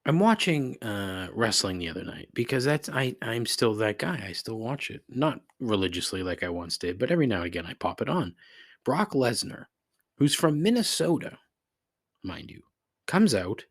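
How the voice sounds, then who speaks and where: Husky, sarcastic, swearing podcast man. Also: medium pitch, big pitch swings, moderate pace, no echo, clean studio sound. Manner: sarcastic, profane, exasperated. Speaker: podcast host. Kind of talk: casual solo podcast rant.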